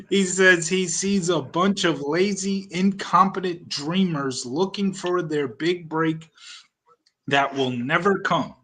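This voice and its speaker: A man's voice: high-pitched, slow pace, bright, forceful tone, a little hiss or hum. A man hosting a podcast, casually recapping events with a dry, wry manner. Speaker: podcast host reviewing wrestling. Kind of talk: casual chat.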